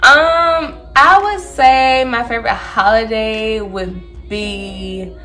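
A woman's voice: on the high side, slow, bright, forceful tone, soft background music. Chatty young Southern woman from Alabama. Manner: chatty, says y'all often, laughs between answers. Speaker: vlogger. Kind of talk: casual get-to-know-me Q&A.

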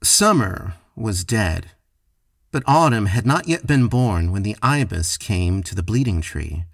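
A man giving a slow, expressive dramatic reading of a short story into a close mic. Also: on the low side, creaky, no echo. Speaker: story reader. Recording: dry close recording.

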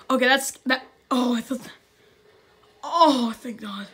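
A woman's voice: fairly high pitch, unhurried, fairly bright tone. A woman hosting a scary-video reaction, jumpy and stammering, with gasping exclamations. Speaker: reaction channel host. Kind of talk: scared reaction commentary.

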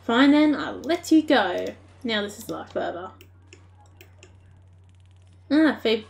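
A woman's voice: on the high side, big pitch swings, takes it slowly, vocal fry, pauses often, a little mellow. A young Australian woman streaming a game, chatting casually, laughing often and talking to the characters on screen. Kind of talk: casual live-stream gameplay commentary.

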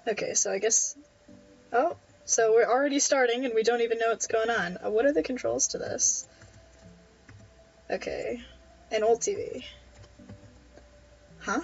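A woman's voice: fairly high pitch, unhurried, vocal fry, long pauses, highs cut off, faint music behind. A woman playing a game and chatting through it, wryly reading the on-screen text aloud. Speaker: let's play gamer. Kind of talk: casual gameplay commentary.

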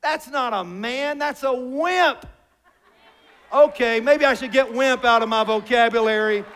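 A man's voice: extremely high pitch, a little slow, fairly bright tone. A man preaching a sermon to his congregation, joking and asking rhetorical questions. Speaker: pastor. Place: church sanctuary.

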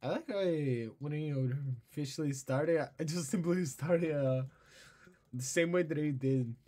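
A man's voice: fairly high pitch, unhurried, warm tone. Laid-back man chatting over gameplay. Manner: laughs often, swears casually. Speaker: gamer. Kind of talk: casual gameplay commentary.

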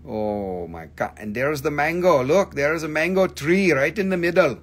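A husky-voiced man hosts a loose live sales stream for rocks and crystals. He rambles, jokes, and swears freely as he names prices. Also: on the high side, lively intonation, moderate pace. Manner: joking, profane, rambling. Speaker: crystal shop host.

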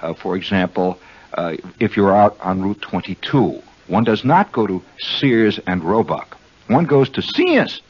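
A man's voice: lowish voice, normal speed, slightly rough. A man hosting a radio show, rambling in a wry, mock-earnest monologue from a studio. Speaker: radio host. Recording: dull lo-fi 1969 radio broadcast.

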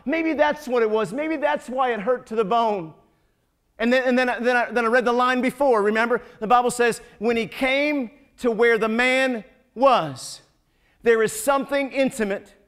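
Male pastor, high voice, sermon delivery, stammering repeats, hushed lows and loud slowed peaks. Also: clear, resonant tone. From United States. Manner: stammering repetitions, swelling to emphatic peaks. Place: church sanctuary.

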